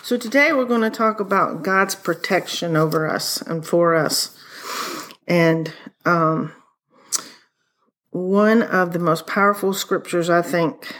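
Brief: Southern woman co-host, earnest and prayerful, slightly low voice. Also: slow pace, a bit bright. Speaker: podcast co-host. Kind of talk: Christian podcast chat, prayer and scripture reading.

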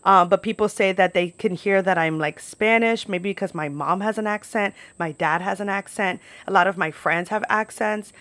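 Young woman, mid-pitch, casual swearing storyteller, dry close sound. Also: normal speed, few pauses, a bit bright, no echo. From New York. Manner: chatty, peppered with "like", swears freely.

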